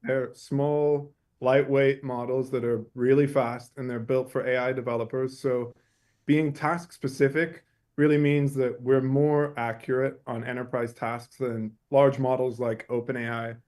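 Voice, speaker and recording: Friendly male founder, mid-pitched. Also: little pitch movement, a little slow, a little mellow. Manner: friendly, laughing easily. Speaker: startup founder guest. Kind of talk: casual interview.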